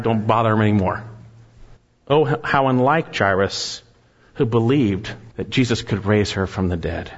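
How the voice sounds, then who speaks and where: Earnest male pastor in a reverberant hall. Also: a little high. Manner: earnest, rising to animated emphasis on key points. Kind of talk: expository sermon. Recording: muffled sound with long hall reverb.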